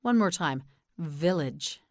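American woman teacher drilling words super slow, lowish voice, patient. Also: animated, darkish tone, no echo, clean studio sound. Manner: slow, carefully enunciated, patient prompting. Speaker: English pronunciation teacher. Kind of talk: slow repeat-after-me pronunciation drill.

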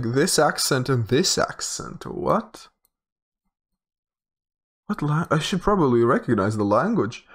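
A man's voice: a little high, a bit bright. A young man giving casual commentary while he plays a geography guessing game, thinking aloud with hesitant, repeated words. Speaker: game streamer.

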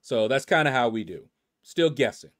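Male game channel host, mid-pitched, relaxed and rambling commentary. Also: moderate pace. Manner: laid-back and rambling, with many asides. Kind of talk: casual commentary reading a leaderboard.

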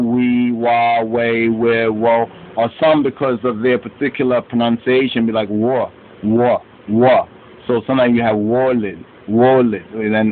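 A man teaching an alphabet, chanting each row of syllables and adding short explanations. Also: mid-range voice. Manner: slow, chanting drills of syllables with asides. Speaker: language teacher. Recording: tinny lo-fi phone-like recording with faint hiss.

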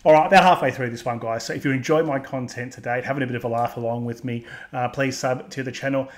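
An Australian man rants over a reaction video, crude and sarcastic, swearing freely. His pitch sits in the middle of the male range. He sounds fired up and addresses his viewers directly. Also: level tone, fast. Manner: crude, heated and sarcastic ranting. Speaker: commentary channel host.

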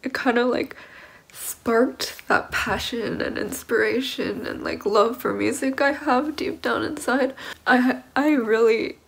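A violin student in her late teens talks to camera in a casual vlog, rambling candidly and emotionally with nervous laughs. Her fairly high voice is a little slow and gravelly, with a breathy edge.

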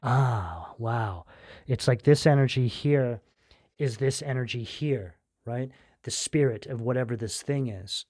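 A man doing a tarot reading in a loose, conversational way, often checking in with "right?" and filling pauses with "um". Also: mid-range voice, a little mellow, no echo, studio quality. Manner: conversational, keeps asking "right?", fillers. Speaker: tarot reader. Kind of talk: casual tarot reading monologue.

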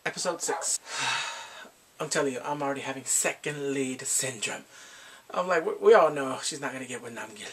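A man giving a casual spoken drama review, retelling scenes in an animated way and acting out the characters' lines. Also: medium pitch, moderate pace, slightly rough.

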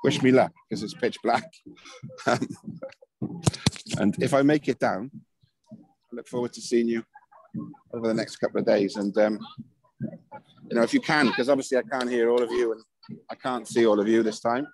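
Gentle, thankful man outdoors. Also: mid-range voice, steady tone, normal speed, pauses often, noisy background. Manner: gentle, thankful, rambling with fillers. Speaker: spiritual circle leader hosting a live stream. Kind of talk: casual live-stream chat. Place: outdoors on a hilltop at night.

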